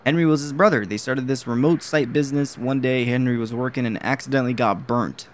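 A man voicing a stern adult male private investigator in a horror game, reading the lines flatly and plainly. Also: medium pitch, fairly quick, a little hiss or hum, close to an everyday voice.

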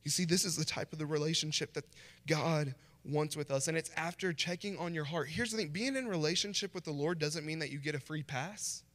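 Preaching as a guest in a church sanctuary, this man keeps things conversational and voices brief quotations dramatically. He talks fairly quickly with a fairly bright tone on the high side, amid long church hall reverb.

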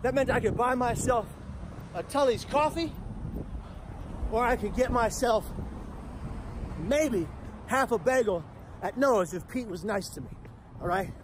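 A man speaker telling a comedic personal story in a punchy, animated way with profane asides. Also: very high voice, measured pace, pauses often, noisy background. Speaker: motivational speaker.

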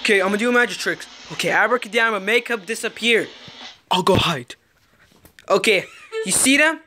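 A woman's voice: mid-range voice, lively intonation, a little fast, sharp tone. Brief: woman, toy play narrator, bossy and exasperated, hissy clicks behind.

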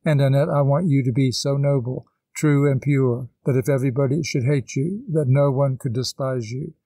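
A man voicing a kindly woman teacher who gently lectures a girl, in an audiobook reading. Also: medium pitch, fairly even intonation, moderate pace, no echo, natural voice. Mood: earnest. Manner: patient, instructive.

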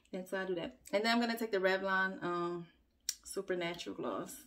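A woman filming a relaxed get-ready-with-me at home, chatting straight to her viewers and poking fun at her own slip-ups. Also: mid-range voice, moderate pace. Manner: chatty and self-mocking, talks straight to viewers. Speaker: beauty vlogger and mother. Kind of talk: casual get-ready-with-me chat. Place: at home, upstairs room.

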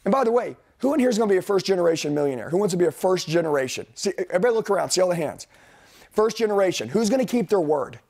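Blunt, intense sales coach. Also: male voice, sits high, expressive, rapid-fire, gravelly, a little mellow. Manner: blunt, intense, direct, preaching to the room. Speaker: sales trainer. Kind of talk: motivational training talk to a group.

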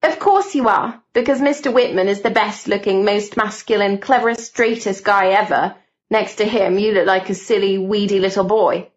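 A woman narrator voicing a gossipy teenage schoolgirl who gets indignant, raising her voice high. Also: steady tone, normal speed, highs cut off, natural voice. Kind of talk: audiobook character voice.

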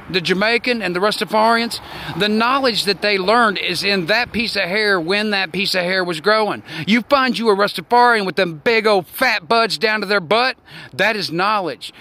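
A man in his sixties giving a rambling, preachy folksy monologue outdoors, with loud bursts. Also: high voice, a little hiss or hum. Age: 60s. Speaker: online talk show host.

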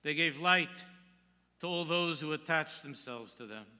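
A man's voice: fairly high pitch, animated, measured pace, pushed and bright. A man giving a sermon as a rabbi, telling a story and quoting Hebrew texts with English translation. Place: large synagogue hall. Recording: long hall reverb.

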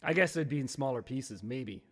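A man's voice: medium pitch, lively intonation, normal speed. A man hosting a casual livestream, chatting playfully with viewers and reading their comments aloud in a rambling way. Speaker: livestream host. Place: home studio in Kingston, Ontario. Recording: long reverb.

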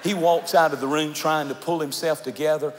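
A male pastor preaching a sermon in a large church, swinging from shouted declarations to hushed storytelling. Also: a little high, fairly even intonation, brisk, a little hiss or hum. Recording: echoey church hall, faint music.

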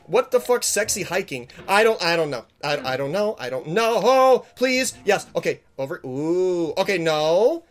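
A man playing a video game and commenting, panicky and swearing, pleading with the game and yelling when he fails. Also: high voice, very animated, normal speed, few pauses, faint music behind. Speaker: gamer. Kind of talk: let's play commentary.

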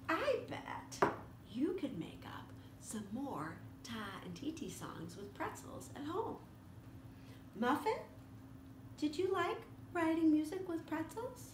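A woman music teacher giving a children's lesson, talking to young kids in a slow, sing-song way. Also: high-pitched, big pitch swings. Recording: echoey room with faint noise.

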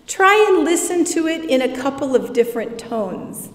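Woman pastor, gentle conversational sermon, slightly high voice, long church reverb. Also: expressive, moderate pace. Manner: reflective, conversational preaching. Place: church sanctuary. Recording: echoey church hall, from far off.

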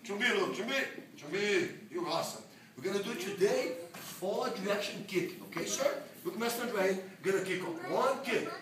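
A taekwondo instructor coaching a children's class, calling out brisk, repeated commands and loud yells. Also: medium pitch, lively intonation, a crowd in the background. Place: large echoey training hall. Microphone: camera far across the room. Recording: very echoey hall, voice from far off, noisy.

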